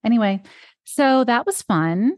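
A woman co-hosting a podcast, chatting in a relaxed way and laughing easily. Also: on the high side, a little slow, no room sound, studio quality. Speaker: podcast co-host. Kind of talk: casual chat.

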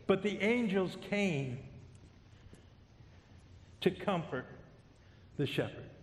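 A man's voice: high-pitched, lively intonation, slow pace. A middle-aged man preaching a sermon as a pastor, conversational, with self-deprecating humor. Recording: echoey hall.

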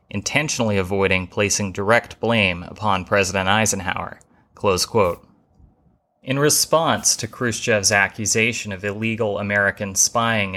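A man with a fairly low voice reads a prepared history narration for his podcast. His delivery is measured and steady, broken now and then by a wry aside. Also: vocal fry.

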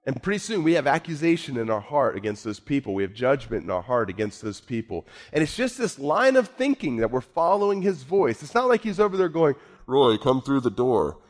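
Man preaching with wide dynamic swings. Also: very animated. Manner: wide swings from low, quiet musing to raised, emphatic preaching; repeats himself, speaks slowly for emphasis. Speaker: pastor. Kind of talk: sermon.

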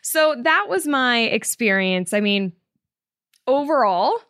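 A young woman hosting a podcast, telling a story in a casual, animated way, laughing often and acting out quotes in high voices. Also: takes it slowly, no room sound, clean studio sound. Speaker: podcast host.

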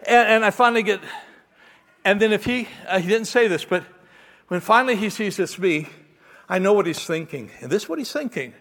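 Gravelly man preaching a story. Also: high-pitched, fairly quick, in a large hall. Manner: animated storyteller, acts out voices, ends in quiet prayer. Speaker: pastor. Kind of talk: sermon with personal story.

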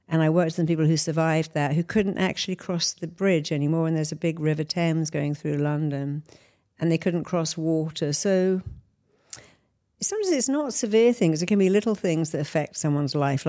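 Middle-aged woman, therapist guest; deep, warm tone, explanatory. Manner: explanatory, uses examples and analogies. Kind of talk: interview answers.

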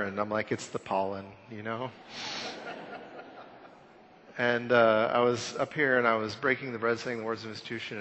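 Pastor with a bright, echoing voice. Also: male voice, lowish voice, slight background noise. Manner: storytelling, self-deprecating, swings between loud and hushed. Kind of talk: conversational Easter sermon. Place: church sanctuary. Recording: long church hall reverb.

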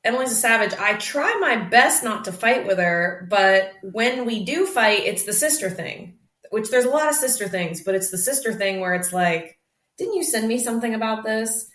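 A woman's voice: on the high side, expressive, normal speed, fairly bright tone. Chatty young woman in an echoey room. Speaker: host. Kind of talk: casual chat.

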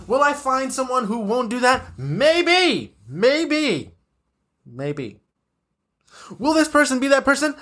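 A man's voice: extremely high pitch, a little fast, hardly any pauses, pushed and bright. A young man hosting a solo podcast episode, ranting in an agitated, profane, repetitive way, full of "you know"s. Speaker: podcast host.

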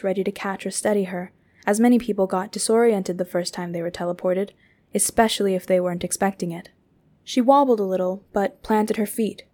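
A woman narrating a work of fiction aloud in a steady, expressive reading voice. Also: medium pitch.

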